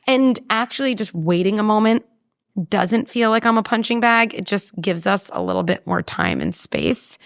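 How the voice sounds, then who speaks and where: A woman talking as a parenting psychologist in an interview, animated and explaining with vivid examples. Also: mid-range voice, normal speed, creaky, dry recording, clean studio sound. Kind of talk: conversational interview.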